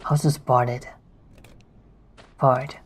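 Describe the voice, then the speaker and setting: A game streamer reading on-screen game text aloud while playing, in a slow, plain reading manner. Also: medium pitch, level tone, slight background noise, poor audio.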